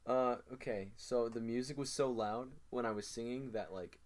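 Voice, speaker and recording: A man's voice: medium pitch, moderate pace. Teen guy cohosting a podcast, rambly storyteller, um-ing and like-ing a lot. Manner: rambling storyteller with many fillers. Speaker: podcast co-host. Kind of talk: casual chat.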